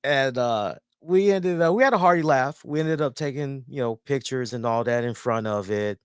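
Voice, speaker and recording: A man's voice: mid-range voice, moderate pace, clear, resonant tone, no room sound, studio quality. A man hosting a casual review show, telling a rambling story with plenty of swearing. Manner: animated, rambling, swears freely. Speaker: host and columnist.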